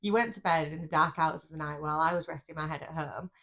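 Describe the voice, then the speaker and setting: Low-voiced teasing podcast woman. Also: fast talker. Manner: teasing, deadpan banter. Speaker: podcast co-host. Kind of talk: casual chat.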